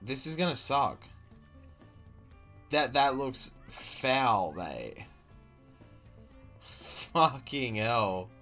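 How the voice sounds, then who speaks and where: An Australian man rants through a video he is watching, cursing and sounding disbelieving the whole way. His pitch sits in an everyday middle range. Faint music plays quietly behind him. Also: lively intonation, drawn-out words, long pauses. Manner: exasperated, sweary, incredulous. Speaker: streamer reacting to a video. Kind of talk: profane running commentary.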